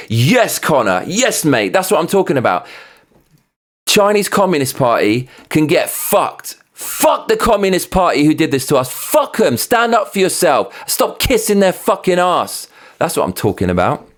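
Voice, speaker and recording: A man's voice: on the high side, very animated, normal speed. A man hosting his own show, ranting heatedly with plenty of swearing and sarcastic mockery. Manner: sarcastic, mocking. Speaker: host. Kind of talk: opinion rant.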